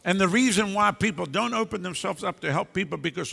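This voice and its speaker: Gravelly high-voiced preacher man, blunt. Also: brisk, hardly any pauses, sharp tone. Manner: emphatic, blunt, scolding bursts. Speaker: pastor. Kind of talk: preaching a sermon. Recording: long hall reverb.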